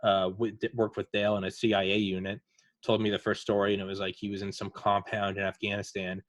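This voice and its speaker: A man's voice: on the low side, completely flat delivery, fairly quick, no room sound. A man hosting a casual podcast chat, retelling veterans' war stories in a rambling way with lots of fillers. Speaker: podcast host.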